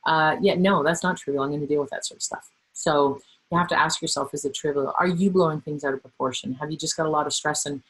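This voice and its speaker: A middle-aged woman presenting a webinar, talking in a lively, conversational way and acting out quoted voices. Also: deep voice, fast talker, slightly rough, low-quality recording. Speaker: webinar presenter on workplace bullying. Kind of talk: webinar talk.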